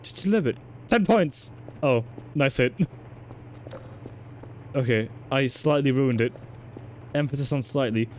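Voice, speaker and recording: A man's voice: mid-range voice, measured pace, pauses often, darkish tone, a little hiss or hum. A man streaming a game in casual commentary, chatty, swearing and joking while talking to his chat.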